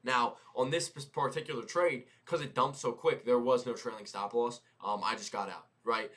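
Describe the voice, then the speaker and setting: A young man talks through trades on a live stream in a casual, slangy voice. He repeats phrases and keeps asking "right?" as he explains. His pitch is average for a man. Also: steady tone, moderate pace, fairly bright tone. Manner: loose, slangy, repeats phrases, says "right?" and "boom" a lot. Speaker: day-trading streamer. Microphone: headset mic.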